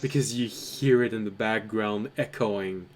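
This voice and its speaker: A man narrating a tabletop role-playing game as game master, telling the scene in a measured, dramatic way. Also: lowish voice, slight background noise. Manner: slow, measured, dramatic storytelling.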